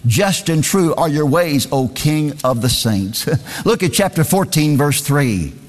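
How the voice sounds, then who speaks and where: A man's voice: a little high, expressive, measured pace, in a large hall. A man preaching a sermon, reading scripture aloud in a singsong cadence and repeating phrases for emphasis.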